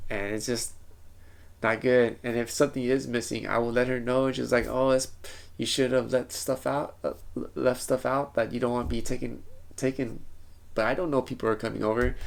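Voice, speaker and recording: A man's voice: medium pitch, gravelly. A man telling a rambling, self-correcting story in a casual vlog. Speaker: vlogger.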